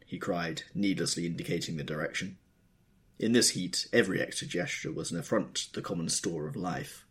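Deep-voiced male audiobook narrator. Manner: measured, expressive storytelling.

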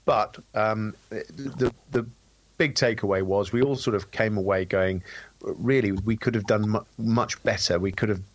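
A man's voice: fairly low pitch, fairly even intonation, measured pace. A man, a former military display pilot, chatting casually with many restarts and fillers. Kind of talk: casual chat.

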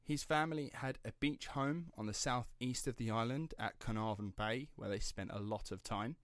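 A man's voice: medium pitch, moderate pace, fairly bright tone, no echo, clean studio sound. A young man hosting a casual true-crime podcast, chatty and rambling, swearing and laughing easily as he tells the story. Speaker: podcast host telling the story.

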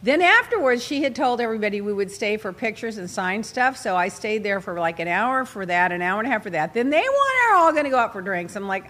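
A woman's voice: mid-range voice, fairly quick, hardly any pauses. A woman hosting a talk show, telling a long, rambling personal story in casual chat and acting out her own asides. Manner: animated, rambling, quotes herself in asides. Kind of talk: chatty storytelling monologue.

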